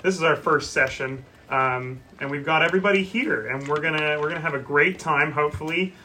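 A man running a tabletop game as dungeon master, halting and self-deprecating, with many fillers. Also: on the high side, bright, forceful tone, a little hiss or hum.

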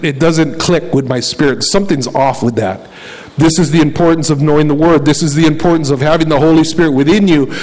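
A man's voice: on the high side, rough recording. A male pastor preaching a sermon, retelling a story dramatically, acting out the characters' words and asking the congregation questions. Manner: dramatic retelling with quoted voices.

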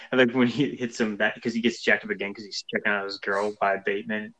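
A man's voice: on the low side, flat delivery, normal speed, fairly bright tone, poor audio. A man casually chatting about a movie, laughing often and eagerly quoting lines. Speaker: podcast co-host.

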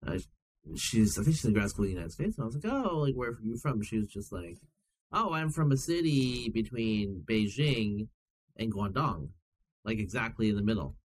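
A man's voice: fairly low pitch, normal speed, husky. A man talking as a podcast guest, telling anecdotes with laughter and acted-out quotes. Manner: animated storyteller, laughs often, acts out quoted voices. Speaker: guest geneticist and writer. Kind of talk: casual podcast conversation.

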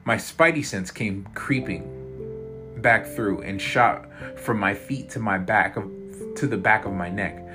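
A man narrating a dark first-person story in a dramatic, intense way. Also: lowish voice. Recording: loud guitar music behind.

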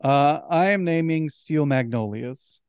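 A man co-hosting a podcast, chatting casually about films in an animated way and often restarting his words. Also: fairly high pitch, unhurried, smooth, no echo, clean studio sound. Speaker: podcast co-host. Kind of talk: casual film discussion.

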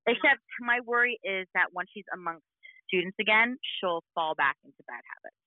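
A woman's voice: mid-range voice, moderate pace, dry recording. A woman with a Valley girl way of talking, chatting casually as a parent and mimicking voices as she tells stories. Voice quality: Valley girl speech style. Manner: animated storytelling, mimics voices. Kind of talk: casual chat. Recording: tinny phone line.

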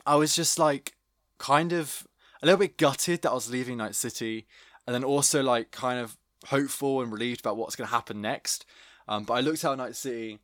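A man's voice: mid-range voice, brisk, fairly bright tone, no room sound, clean studio sound. A man chatting eagerly about a video game, often tripping over his words. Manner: enthusiastic, stumbles over words.

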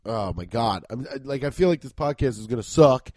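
A man in his thirties from Cincinnati, hosting a podcast, rambling profanely and excitably in a casual comedic monologue while congested and sniffly from allergies. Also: mid-range voice, brisk, no room sound. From Cincinnati, Ohio. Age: 30s. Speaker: podcast host.

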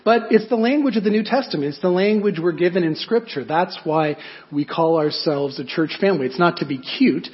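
A man's voice: high voice, a little fast, lo-fi sound. A man preaching a sermon in a conversational way, often asking his listeners rhetorical questions. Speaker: pastor.

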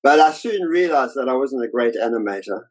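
An older man who works as an illustrator tells spirited tales about his profession in a laid-back interview, doing impressions of those he quotes. He talks briskly in a mid-range voice over a rough recording.

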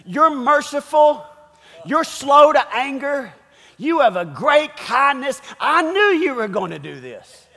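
A man's voice: very high-pitched, normal speed, few pauses, bright, forceful tone, in a large hall, pitched above the performer's own voice. A man voicing an angry, sulking male prophet who complains and justifies himself, within a sermon. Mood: whining complaint. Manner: whiny, complaining, self-justifying. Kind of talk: acted quote in a sermon.

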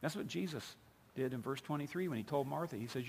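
A man's voice: a little high, fast, slightly rough. A male pastor preaching a sermon, building with emphatic repetition. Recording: long hall reverb.

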